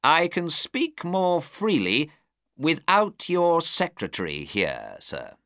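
A man voicing a clever male detective who is cool and coldly polite, speaking in a crisp, measured way. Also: fairly high pitch, huge pitch swings, bright, forceful tone, no room sound, clean studio sound, voice pushed up, exaggerated voice. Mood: cool, assured.

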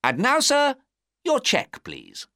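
A man reads as a clever detective whose speech is measured and coldly polite. The voice sits well above the reader's low narrating tone and swings freely in pitch. It is bright and dry, recorded close up. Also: huge pitch swings, no room sound, exaggerated voice. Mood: cool, assured.

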